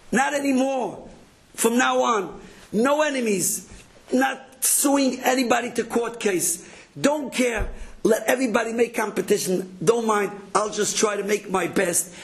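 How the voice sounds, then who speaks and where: A man giving an inspirational Torah talk. He tells stories in an animated way, acts out the people he quotes, and often repeats words as he goes. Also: sits high. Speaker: inspirational speaker.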